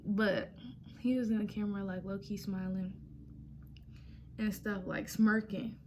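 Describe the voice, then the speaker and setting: A woman's voice: mid-range voice, flat delivery, measured pace, darkish tone, a little hiss or hum. A young woman vlogger chatting casually, retelling a personal story and acting out quotes.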